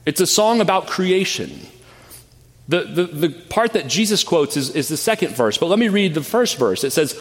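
A man's voice: a little high, expressive, moderate pace. A man preaching a sermon earnestly and emphatically, often repeating words as he goes. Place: church sanctuary. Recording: long church hall reverb.

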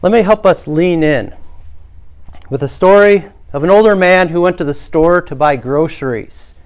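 A man's voice: a little high, normal speed. A male pastor preaching a sermon, telling a story and inviting the congregation to respond.

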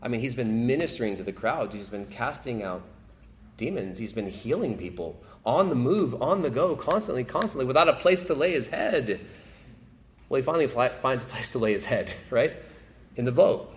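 A man's voice: mid-range voice, lively intonation, normal speed. A man preaching a sermon, repeating key phrases and rising sharply when he quotes pleas. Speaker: pastor.

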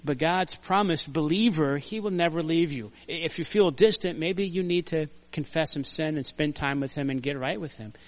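An older man preaching a conversational sermon in a church, earnest and story-driven, dropping to quiet asides and rising to loud emphasis. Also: fairly high pitch, normal speed, hardly any pauses. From United States. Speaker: pastor. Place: church sanctuary.

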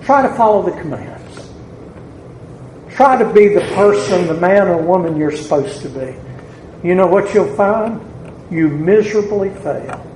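Slow-preaching Southern pastor, echoey church. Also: male voice, sits high, lively intonation, darkish tone, slight background noise. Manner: deliberate preaching that swells to emphatic peaks. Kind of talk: sermon. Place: church hall with a congregation. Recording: echoey church room with faint ambience.

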